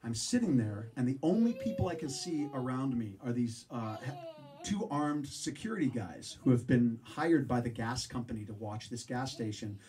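A man telling stories to a live audience in an animated, profane spoken-word style, acting out voices with sudden shouts. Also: mid-range voice, moderate pace. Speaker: speaker at a show. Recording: distant mic with background noise.

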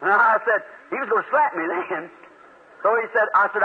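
A man's voice: high-pitched, fairly quick. A man preaching a sermon, telling stories with quoted back-and-forth dialogue in an emphatic manner. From United States. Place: outdoor amphitheater. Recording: tinny 1950s phone-band recording.

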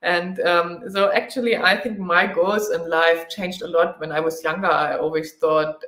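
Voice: medium pitch, fairly even intonation, normal speed, few pauses, fairly bright tone, roomy sound. A travel vlogger with a German accent, chatting through a live Q&A, thinking aloud and laughing readily. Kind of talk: live Q&A chat.

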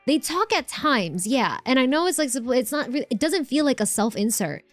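A woman's voice: sits high, expressive, normal speed, dry recording, soft background music. A woman live-streaming a game, chatting casually and answering her chat with lots of fillers and restarts.

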